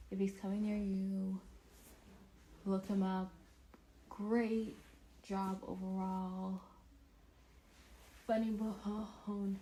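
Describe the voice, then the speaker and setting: A young woman casually telling a storytime vlog, rambling with restarts and sudden animated bursts of loudness. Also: medium pitch, slight background noise, poor audio. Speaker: vlogger.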